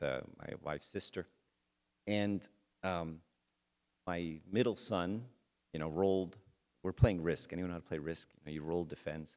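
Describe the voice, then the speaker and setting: Low-pitched and a bit dark in tone, a middle-aged man shares a personal story as the core of a church talk. He keeps it conversational and speaks right to the audience.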